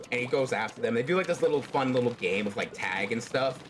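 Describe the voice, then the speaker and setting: A man telling a fan story in a loose, rambling way, dropping filler words all through. His pitch moves around a lot, with a faint hum of background noise behind him. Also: lively intonation, fast talker, fairly bright tone. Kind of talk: casual storytelling.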